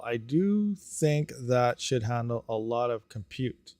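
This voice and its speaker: A man hosting a casual livestream, ranting about hardware and reading out viewer comments, animated and quick to get riled up. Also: mid-range voice, no room sound, studio quality. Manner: animated, ranting, talks fast then trails off quietly. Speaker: crypto mining livestream host.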